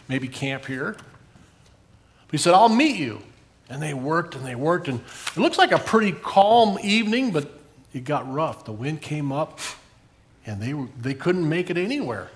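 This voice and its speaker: A man's voice: fairly high pitch, animated, normal speed. An older man giving a children's sermon, asking the kids questions as he tells the story. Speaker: pastor giving a children's message.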